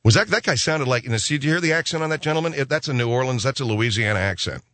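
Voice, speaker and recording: A man hosting a call-in radio show, measured and skeptical as he cuts in on callers. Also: medium pitch, lively intonation, sharp tone, dry recording. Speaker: radio talk show host.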